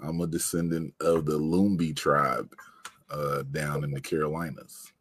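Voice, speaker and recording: A man interviewing a guest in a relaxed, friendly way. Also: extremely low pitch, unhurried, husky, dry recording. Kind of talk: casual interview questions.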